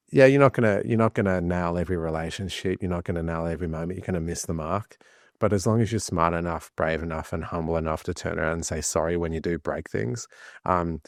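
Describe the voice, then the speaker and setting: A man's voice: sits low, dry recording, clean studio sound. A man, a podcast guest telling candid stories with restarts and self-deprecating humor. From Australia. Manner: animated storyteller, many restarts, self-deprecating.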